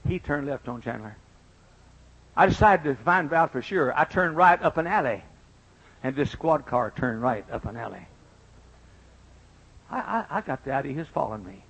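An older male pastor preaching a sermon, swinging from fervent shouting to hushed storytelling, with folksy asides to the congregation. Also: medium pitch, lively intonation, normal speed, creaky, long pauses, husky, muffled recording.

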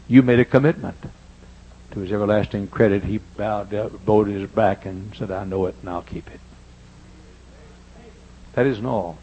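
An older man preaching a sermon in church, telling personal stories and swinging between loud emphasis and hushed asides. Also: fairly low pitch, husky, muffled recording. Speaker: pastor. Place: church sanctuary.

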